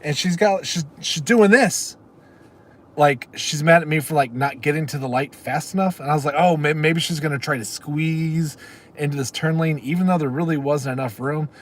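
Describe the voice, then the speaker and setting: A man's voice: a little high, normal speed. A middle-aged man, hosting a livestream in a rambling casual chat and answering comments from viewers. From Texas. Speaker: livestream host.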